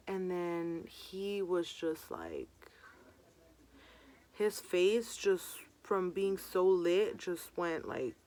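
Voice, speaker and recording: Young woman, vlogger, casual storytime, slightly low pitch, filler-heavy. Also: sing-song, very slow, long pauses, a little mellow. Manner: chatty, many fillers like "um" and "like".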